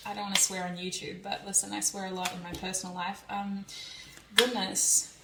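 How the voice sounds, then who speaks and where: A woman's voice: medium pitch, steady tone, brisk, background noise. Chatty young woman reading tarot, echoey. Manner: chatty, laughs often, thinking aloud. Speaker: tarot reader. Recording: echoey room, a bit distant from mic.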